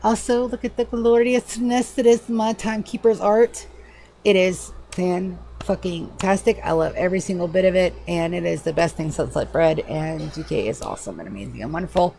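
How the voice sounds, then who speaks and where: A woman streaming a game live from home, chatting casually in a loose, profane, animated way at a desk microphone. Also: on the low side, normal speed, vocal fry, a little hiss or hum. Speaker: livestreamer. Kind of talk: casual gaming livestream chat.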